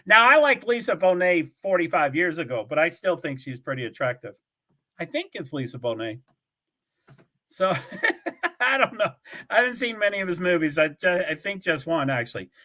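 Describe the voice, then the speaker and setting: High, lively older man rambling. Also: moderate pace. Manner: meandering, full of fillers, chuckling often. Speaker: livestream host. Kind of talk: rambling casual chat to viewers. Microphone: streaming setup, from home.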